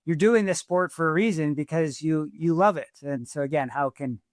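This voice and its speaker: A man's voice: fairly high pitch, normal speed, no echo, studio quality. A man co-hosting, offering encouraging reflections and often repeating "again". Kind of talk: reflective commentary.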